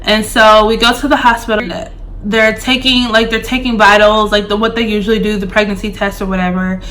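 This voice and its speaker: A woman's voice: medium pitch, little pitch movement, a little fast, a bit bright, a little hiss or hum. A woman in her twenties telling a personal story to her viewers in a chatty way, full of "like" and "um". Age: 20s. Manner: chatty, fillers like "like" and "um", addresses viewers directly. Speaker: vlogger. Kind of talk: casual storytime.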